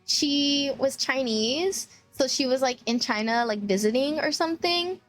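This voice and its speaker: High-voiced woman telling swear-heavy stories. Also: measured pace, soft background music. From Texas, USA. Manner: animated, swears a lot, laughs while telling stories. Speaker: streamer. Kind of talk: casual storytelling chat.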